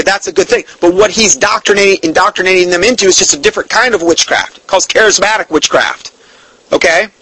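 A man's voice: sits high, a bit bright, no echo, poor audio. A man giving a blunt, emphatic Bible teaching, denouncing other churches and quoting scripture at length. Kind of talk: preaching-style Bible teaching.

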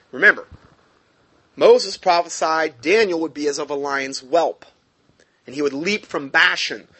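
A man's voice: a little high, fairly bright tone. A man reading scripture aloud and explaining it in a conversational way, often checking in with his listeners. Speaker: Bible teacher.

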